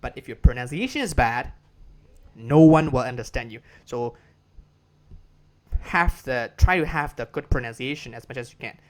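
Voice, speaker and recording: A man with a Burmese accent, speaking English as a second language, talks through an English lesson in a loose, conversational way at a middle pitch. He circles back over his phrases, restarts sentences and repeats key words so the listener can imitate them. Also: animated, normal speed, pauses often. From Myanmar. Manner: repetitive, restarts phrases, drills words for copying. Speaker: English teacher. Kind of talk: casual spoken lesson.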